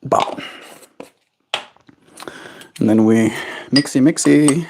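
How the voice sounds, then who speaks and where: A man's voice: mid-range voice, very slow, noisy background. A man streaming casual chat while cooing affectionate baby talk to his pet bird at home.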